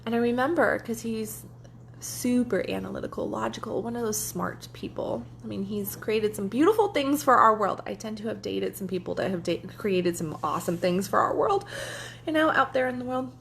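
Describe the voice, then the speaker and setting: A woman's voice: mid-range voice, normal speed, creaky, fairly bright tone, slight background noise. A woman life coach talking casually to her viewers, candid and chatty, sometimes swearing and acting out what others said. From German heritage. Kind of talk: casual livestream talk to viewers.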